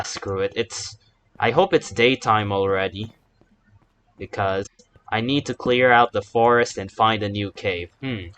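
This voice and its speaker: Slow, rambling man narrating his gameplay. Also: on the low side, fairly bright tone, slight background noise. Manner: rambling, chatty, self-correcting asides. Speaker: gaming YouTuber. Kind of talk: casual Let's Play commentary.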